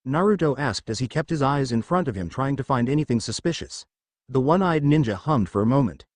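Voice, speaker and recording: A man reading a fan fiction story aloud as narrator, at a steady, even reading pace. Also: medium pitch, brisk, no room sound.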